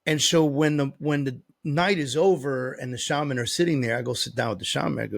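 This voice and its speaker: Man, gravelly, profane, blunt, casual storytelling, podcast guest. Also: mid-range voice, brisk, few pauses. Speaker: podcast guest, business coach.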